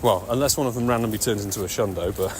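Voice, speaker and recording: A man giving excitable, nonstop live-stream commentary while walking outdoors and playing a mobile game. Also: lowish voice, rapid-fire. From United Kingdom. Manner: chatty, excitable running commentary, talking nonstop like a radio DJ. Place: outdoors on city streets. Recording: loud street noise with passing traffic.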